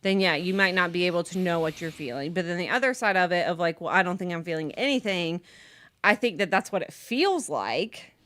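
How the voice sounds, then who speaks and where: A woman's voice: fairly low pitch, lively intonation, brisk, few pauses, fairly bright tone, dry recording. A woman co-hosting a therapy podcast in a casual way, full of "like" and restarts.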